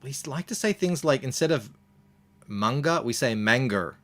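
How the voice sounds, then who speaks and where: An Australian comics creator, appearing as an interview guest, chats casually and tells relaxed stories with plenty of ums and uhs. He speaks at a moderate pace in a mid-range voice.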